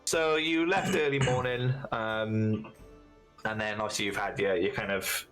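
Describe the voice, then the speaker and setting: A man's voice: on the low side, fairly even intonation, measured pace, a bit bright, soft background music, low-quality recording. A man narrating as game master, in an easygoing way with many fillers.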